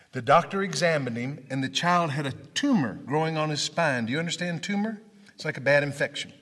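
A man from Memphis, a speaker telling stories to an audience and acting out the dialogue, his voice dropping hushed and rising loud. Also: on the high side. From Memphis, Tennessee. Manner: dramatic, acts out dialogue, swings from loud to hushed. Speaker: motivational speaker. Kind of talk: storytelling speech to an audience. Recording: hall with long reverb.

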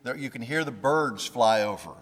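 A pastor speaks at normal speed in a mid-range voice with lively intonation, preaching a conversational sermon. He voices the pleas of scripture figures to God and restarts sentences, his words echoing in a reverberant hall.

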